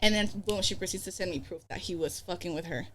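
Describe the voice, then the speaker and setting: A young woman tells a personal story on a podcast in casual, rapid-fire chat. She curses freely and slips into the voices of the people she quotes. Her delivery is animated, and she talks at a brisk pace. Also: on the low side, a crowd in the background. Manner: animated, profane, acts out quoted dialogue. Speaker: podcast guest.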